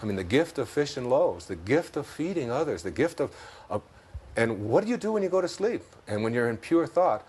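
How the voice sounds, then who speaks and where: A man's voice: mid-range voice, very animated, a little fast, a little mellow, husky. A man with a Detroit accent talking as an interview guest, reflective and storytelling, laughing often as he talks. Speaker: interview guest, self-help author. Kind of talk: conversational talk.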